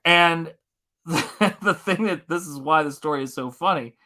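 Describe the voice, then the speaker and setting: A Tennessee man hosting a live art stream tells a story in a casual, animated way, often laughing and swearing. His voice sits a little high, and he speaks a little slowly.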